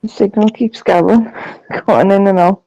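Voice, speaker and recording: Slow, mellow woman chatting. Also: mid-range voice, fairly even intonation, vocal fry, muffled recording. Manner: laughing, teasing, coaching pronunciation. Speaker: chat participant. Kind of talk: casual voice chat.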